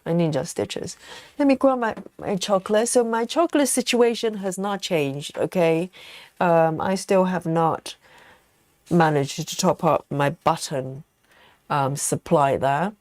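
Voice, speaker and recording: A woman's voice: on the low side, a little slow, a little mellow, dry recording. Giggly woman chatting on a stitching livestream. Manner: chatty and giggly, reads viewer comments aloud; snacks on chocolate while talking. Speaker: livestream host. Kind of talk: casual live-stream chat while cross-stitching.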